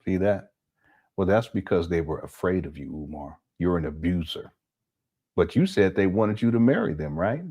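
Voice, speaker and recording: A man's voice: sits low, expressive, normal speed, dark tone, breathy edge. A man commenting on video clips, sounding exasperated and critical. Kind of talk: reaction commentary over clips.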